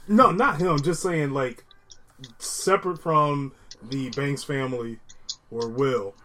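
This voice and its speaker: A man's voice: medium pitch, slow pace, sharp tone, poor audio. A man hosts a loose podcast conversation with friends, laughing often and letting his sentences trail off. A faint hiss sits under his voice. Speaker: podcast host. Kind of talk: casual chat.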